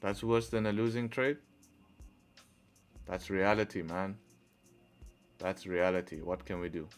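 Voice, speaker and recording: Faint music plays behind a trading live-streamer whose steady voice sits low and moves a little slowly. In casual commentary he thinks out loud, replies to chat and groans at losing trades.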